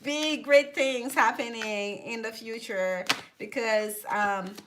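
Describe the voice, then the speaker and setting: A woman's voice: a little high, fairly even intonation, slow, background noise. A woman giving a live tarot reading, chatting with viewers and often repeating herself. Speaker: tarot reader.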